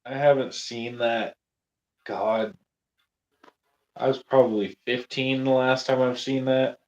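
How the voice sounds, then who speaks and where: A man chatting casually in a movie commentary, relaxed and easygoing. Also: medium pitch, slow pace. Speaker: podcast co-host. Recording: dull lo-fi call audio.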